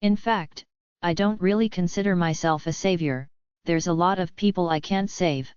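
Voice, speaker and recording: A woman's voice: fairly low pitch, normal speed, a little mellow, clear, resonant tone, dry recording, close to an everyday voice. A woman reading a modest young hero. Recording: dull lo-fi audiobook recording.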